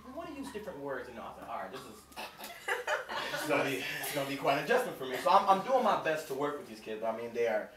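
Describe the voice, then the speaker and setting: A man in his thirties doing an animated stand-up comedy set, telling a story and acting out the other people's voices. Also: mid-range voice. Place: comedy club stage. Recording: roomy club sound from far off with crowd laughter. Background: audience laughing.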